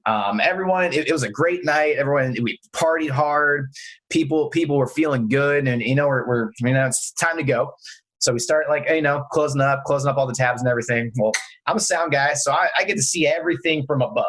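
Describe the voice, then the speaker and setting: A man on a podcast casually telling a story about working at bars, with halting restarts. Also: mid-range voice, a bit bright, poor audio. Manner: hesitant, many restarts and fillers. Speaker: podcast co-host.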